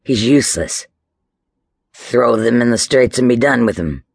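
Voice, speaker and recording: A man's voice: mid-range voice, animated, measured pace, gravelly, no room sound. A man voicing a vicious drunken brute who speaks in a coarse, snarling, threatening way. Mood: menacing.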